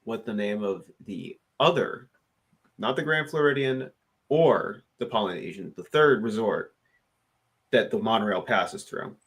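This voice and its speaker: A man's voice: fairly low pitch, lively intonation, a little slow, a bit bright, breathy edge. A man co-hosting a live stream, dropping dry, wisecracking asides. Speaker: co-host. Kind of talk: casual chat.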